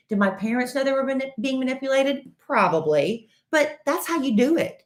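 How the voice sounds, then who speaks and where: A middle-aged woman, co-hosting a podcast in casual chat, animated and teasing as she tells stories. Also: sits high, a little fast, hardly any pauses. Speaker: podcast co-host. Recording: roomy echo.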